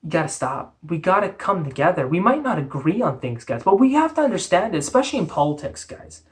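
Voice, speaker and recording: A woman's voice: on the low side, very animated, fast talker. A woman from Canada, delivering a profane, exasperated, blunt rant on her vlog. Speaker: vlogger. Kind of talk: ranting commentary vlog.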